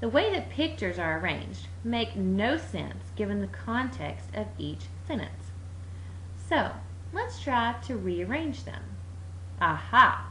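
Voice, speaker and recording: A woman's voice: medium pitch, big pitch swings, slow. A woman narrating an upbeat lesson on confusing words, with playful emphasis. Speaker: teacher. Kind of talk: animated explainer narration. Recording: roomy with faint noise.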